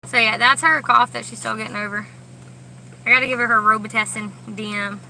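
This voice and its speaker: A young woman chatting casually from a parked car, rambling, talking in a high baby voice to her dogs between asides. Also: quick pace, pushed and bright, a little hiss or hum, low-quality recording. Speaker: vlogger with service dogs. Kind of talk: casual chat.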